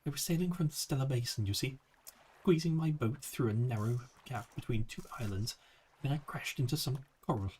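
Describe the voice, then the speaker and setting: Man putting on a higher, fussy genteel lady photographer, prim and precise, game dialogue. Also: normal speed, darkish tone, slight background noise, natural voice. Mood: earnest. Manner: prim, precise, old-fashioned phrasing.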